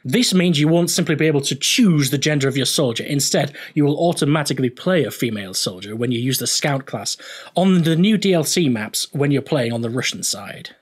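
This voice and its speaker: A man's voice: fairly high pitch, lively intonation, fairly quick, slightly rough. A young man hosting a gaming video, explaining history casually with jokey, rambling asides.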